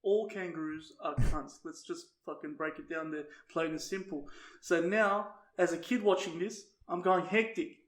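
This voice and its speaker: A man's voice: on the high side, steady tone, normal speed, a bit bright, roomy sound. A young Australian man co-hosting a podcast, telling crude comic stories full of swearing and laughter. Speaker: podcast co-host. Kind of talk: casual comedic chat.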